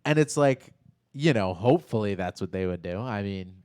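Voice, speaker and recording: Man, podcast co-host, casual profane chat, animated storytelling, dry close sound. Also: fairly low pitch, normal speed, clear, resonant tone, dry recording.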